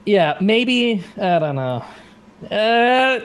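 A man's voice: high-pitched, very animated, drawn-out words, rough recording. A man guesting on a live gaming podcast, chatting casually, rambling and swearing with a self-deprecating streak. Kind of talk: casual chat. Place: home setup, reading live chat.

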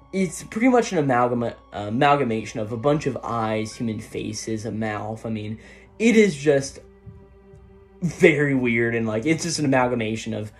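Casual rambling man recapping a manga chapter. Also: mid-range voice. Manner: rambling, filler-heavy, tags lines with "right?". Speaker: manga reviewer.

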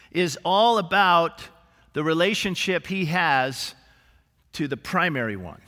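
A male senior pastor preaching a sermon in a church, animated and lively, with humorous asides and acted-out quotes. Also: a little high. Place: church sanctuary. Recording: live church recording with long hall reverb.

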